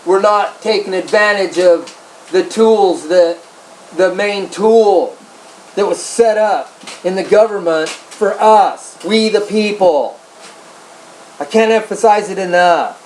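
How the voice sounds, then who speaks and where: High-voiced man, angry profane rant, faint hiss behind. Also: a little mellow, poor audio. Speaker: video blogger. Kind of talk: profane political rant to camera.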